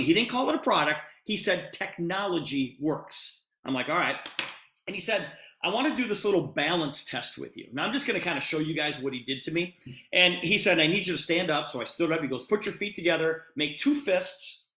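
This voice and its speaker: Man retelling a story in an echoey room. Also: sits high. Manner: animated retelling with quoted dialogue. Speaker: presenter. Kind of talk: storytelling sales pitch.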